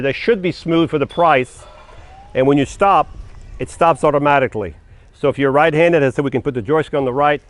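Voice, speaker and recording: A man walking viewers through a power wheelchair as a mobility equipment dealer, plainspoken and talking to them as folks, his voice getting worn. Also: a little high. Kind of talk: product walkthrough demo. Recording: echoey room.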